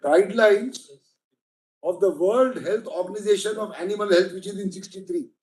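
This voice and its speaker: The speaker is a man with an Indian English accent whose high voice has a darkish tone and moves at normal speed. Arguing his case in court, he's emphatic and persistently calls the bench "my lord," all in an echoey room.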